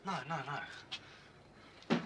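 A man's voice: very noisy, close to an everyday voice. An actor playing a nervous man on the run who speaks evasively and in a hurry. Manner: evasive, hurried. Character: nervous male fugitive hiding from police.

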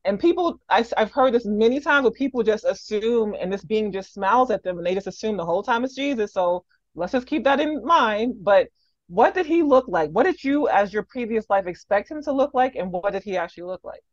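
A woman's voice: mid-range voice, animated, brisk, dry recording, lo-fi sound. A woman hosting a casual interview, asking probing questions with plenty of "you know" and "like". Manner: curious, probing questions, many fillers. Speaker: interview host.

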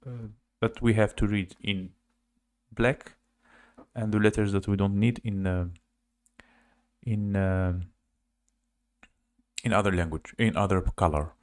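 Slow, halting man teaching a language. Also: on the low side, fairly even intonation, no echo. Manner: halting, many fillers, repeats words slowly. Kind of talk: casual language lesson.

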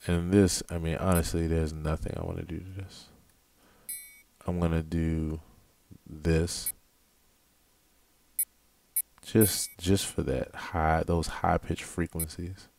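A man, a music producer, talking through a mixing tutorial in a relaxed, explanatory way, thinking aloud as he works. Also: sits low, measured pace, creaky. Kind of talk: casual screen-recorded tutorial. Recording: music tracks playing behind. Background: music playback.

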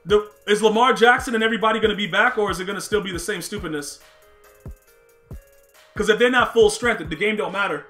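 A man's voice: high voice, fairly quick, pushed and bright, soft background music. A young man live-streaming a football video game, reacting to chat and play, often repeating himself. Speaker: gaming streamer.

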